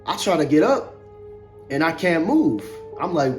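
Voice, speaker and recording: A man's voice: fairly high pitch, big pitch swings, normal speed. A young man telling a personal story to his viewers in a loose, conversational way, with many fillers and repeated words. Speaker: vlogger. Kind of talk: casual storytelling to camera. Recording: music playing underneath.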